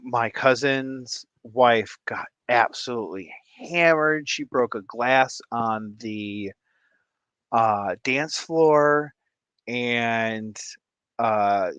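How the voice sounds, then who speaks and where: A man's voice: medium pitch, sharp tone, smooth, no echo. A man vlogging who tells a rambling, casual story and laughs often mid-sentence. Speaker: fish-keeping vlogger.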